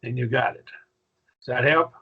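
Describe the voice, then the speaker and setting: A man's voice: medium pitch, normal speed, slightly rough, narrow, tinny audio. A man teaching a Greek grammar class in a patient manner, often checking in with his students. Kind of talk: classroom lesson.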